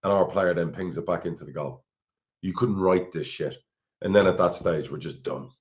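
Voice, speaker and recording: A man's voice: deep voice, moderate pace. A middle-aged Irish man, a football club chairman, talking candidly on a podcast, blunt and swearing freely. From Ireland. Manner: blunt, swears freely, repeats words when worked up.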